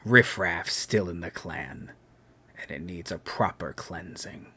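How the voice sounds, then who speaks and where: A man voicing a haughty male dwarf clan scion who speaks in a slow, clipped, menacing way. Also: sits low, bright, forceful tone, husky, voice pushed down, heavily acted. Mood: cold, haughty.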